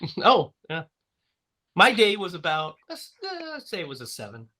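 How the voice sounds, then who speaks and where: Upbeat male podcast host, bright voice, casual chat, laughs easily. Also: high-pitched, wildly swooping pitch, moderate pace.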